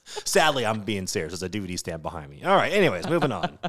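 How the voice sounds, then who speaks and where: Animated, swearing podcast co-host, a man. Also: on the low side, fast talker. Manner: animated, ranting, swears freely, laughs often. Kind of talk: casual chat.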